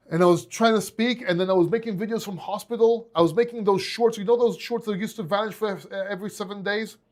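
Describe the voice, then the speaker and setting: A man with a Greek accent, a crypto YouTuber talking casually and heartfelt to his viewers, often restarting his words. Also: high-pitched.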